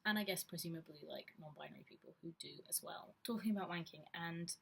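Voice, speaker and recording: A woman's voice: lowish voice, fast talker, gravelly, fairly bright tone, a little hiss or hum. A woman talking frankly and reflectively to camera in a personal vlog. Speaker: vlogger. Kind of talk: candid personal vlog talk.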